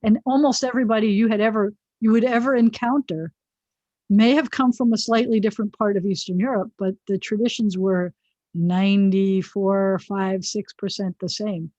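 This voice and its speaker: A woman's voice: mid-range voice, fairly even intonation, moderate pace, warm tone, no echo. A woman rabbi teaching a biblical Hebrew class online, chatting through the vocabulary with personal asides. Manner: chatty, digressive, explains word by word with asides. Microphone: video call. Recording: dull, dry video-call audio.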